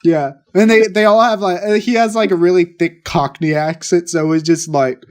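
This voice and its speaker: A man co-hosting a podcast, telling stories in a rambling, excitable way. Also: sits high, normal speed. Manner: rambling, excitable storytelling with restarts. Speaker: podcast co-host. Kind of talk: casual chat.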